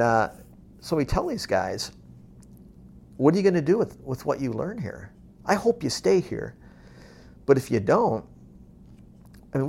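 A man's voice: mid-range voice, vocal fry, darkish tone, slight background noise. A man who runs a moving company, telling motivational stories in a blunt, tough-love way, swearing freely and acting out the conversations he retells. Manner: acts out quoted conversations. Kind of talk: motivational storytelling.

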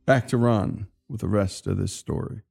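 Male radio host with a low, gravelly voice, reading a scripted lead-in at an unhurried pace. Faint music plays beneath him. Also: a little mellow. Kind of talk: scripted show introduction.

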